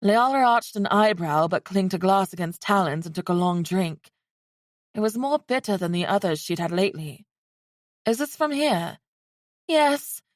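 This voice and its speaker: A woman narrating a fantasy romance audiobook in a steady, even storytelling way. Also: lowish voice, moderate pace, no echo, studio quality.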